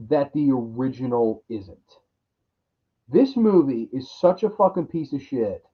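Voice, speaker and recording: This horror movie review is a crude, exasperated rant from a man with a husky, medium-pitched, expressive voice at a measured pace. He imitates the characters in put-on voices to mock them, and the recording is dull and lo-fi.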